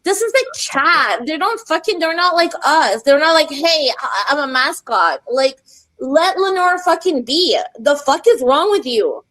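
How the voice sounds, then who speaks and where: A woman's voice: sits high, animated, measured pace, dry recording. A woman arguing heatedly on a live online panel, scolding and swearing. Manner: scolding, profane, shouting. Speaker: panel participant. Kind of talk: heated live-stream argument.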